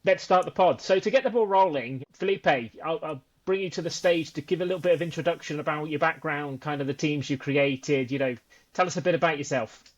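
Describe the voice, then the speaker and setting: A man's voice: fairly high pitch, fairly quick. A man hosting a podcast, chatting casually with light, self-deprecating banter. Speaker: podcast host. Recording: dull lo-fi sound.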